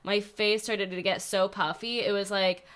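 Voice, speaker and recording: A woman's voice: medium pitch, steady tone, normal speed, a bit bright. A woman in her twenties, a podcast guest, chatting casually with lots of "like" and frequent giggles. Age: 20s. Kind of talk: casual chat.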